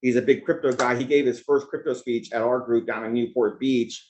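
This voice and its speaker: A man opening an investor gathering with loose, conversational remarks that wander from one aside to the next. His voice sits at a middle pitch and keeps an easygoing, chatty flow. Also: steady tone, brisk, darkish tone. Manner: rambling, conversational, jumps between asides. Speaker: event host and organizer. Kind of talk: opening remarks at a business event.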